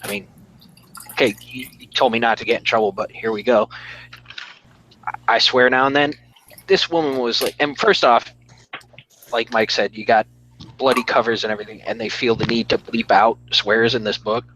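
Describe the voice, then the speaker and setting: A man's voice: medium pitch, steady tone, normal speed, long pauses, pushed and bright, slight background noise, low-quality recording. Blunt, swearing man reviewing comics. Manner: blunt, swears freely, rambling. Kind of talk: casual live-stream chat.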